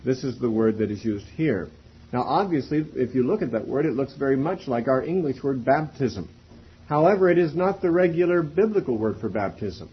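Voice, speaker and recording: A man teaching a Bible class in a methodical way, spelling out words and pausing often. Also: mid-range voice, expressive, husky. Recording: dull lo-fi recording.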